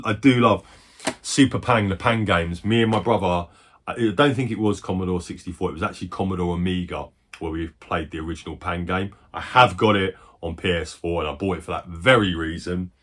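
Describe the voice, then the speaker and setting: Low husky-voiced man in his forties. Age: 40s. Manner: rambling and chatty, swears freely, quick bursts of excitement. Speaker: retro game collector. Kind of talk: casual chat.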